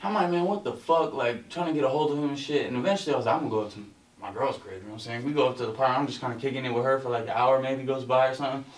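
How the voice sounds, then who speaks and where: A man on a podcast telling a story in a casual, animated, profane way, saying "bro" constantly. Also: mid-range voice, rapid-fire, slight background noise. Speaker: podcast co-host. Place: podcast studio. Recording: roomy sound from a distant mic.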